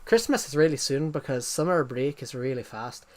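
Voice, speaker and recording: A young man putting on an Irish accent to read out a chat comment in a sing-song list, dropping low at the end of each line. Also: moderate pace, lightly acted. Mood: mock-serious. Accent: put-on Irish.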